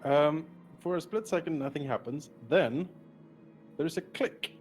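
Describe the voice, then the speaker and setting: A man running a tabletop game as dungeon master, describing scenes with frequent pauses and fillers. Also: a little high, faint music behind.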